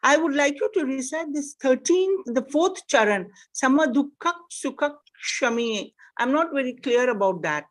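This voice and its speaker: Polite woman asking her teacher on a call, high voice. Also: expressive, moderate pace, few pauses. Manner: polite and direct. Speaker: student. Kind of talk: asking a question in an online class. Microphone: video call.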